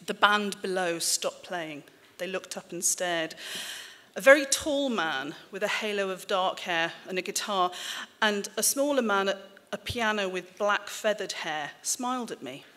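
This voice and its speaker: Woman author in her forties, from the border country, reading her memoir live. Dry, wry, measured delivery. Voice carries a hall reverb. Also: medium pitch, lively intonation, fairly bright tone. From English-Welsh border country. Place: stage in a hall.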